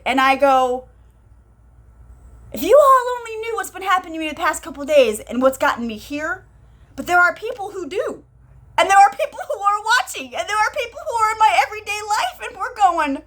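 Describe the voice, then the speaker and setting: A woman talking live to her viewers about her spiritual experiences. She talks excitedly, repeats phrases and acts out the conversations she recounts. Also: very high voice, brisk. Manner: excited, breathless, repeats herself, tells stories with quoted dialogue. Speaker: spiritual channel host.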